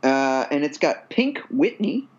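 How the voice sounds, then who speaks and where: A man's voice: a little high, very animated, a little slow, husky, dull audio. A man co-hosting a casual comedic chat, wry and profane, laughing often. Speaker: podcast co-host.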